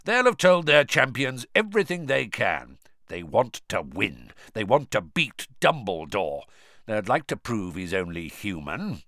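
A man reading an audiobook, voicing a gruff, suspicious, grizzled older male wizard with a growl. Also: on the low side, big pitch swings, unhurried, fairly bright tone, no room sound, studio quality, exaggerated voice.

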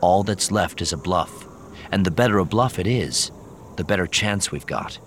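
A man voicing a calm young male hero who reasons quietly and evenly. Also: deep voice, moderate pace, a little hiss or hum.

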